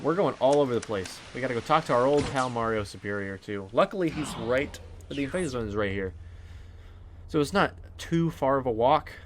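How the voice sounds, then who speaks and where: Slight background noise and faint game music accompany a mid-range male voice. He's a let's play host running a casual playthrough, rambling, restarting, filling gaps, and humming along.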